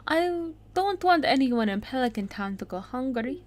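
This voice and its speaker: A woman's voice: sits high, lively intonation, normal speed, voice pushed up. A woman voicing a kindly male chef in a video game, with a put-on Italian accent, generous and coaxing.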